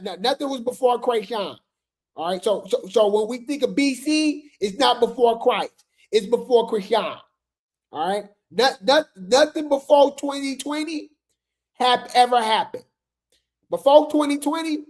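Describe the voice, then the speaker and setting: Casting: chatty gossip commentator, mid pitch, talks straight to the audience. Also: lively intonation, unhurried, pauses often. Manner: chatty, addresses viewers as "y'all", filler "right?"; laughs while talking. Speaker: commentary host.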